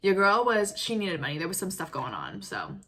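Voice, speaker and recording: Bright-voiced woman ranting a storytime. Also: fairly low pitch, fairly quick, slightly rough. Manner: animated, heated retelling with lots of "like" and quoted dialogue. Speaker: vlogger. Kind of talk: storytime rant.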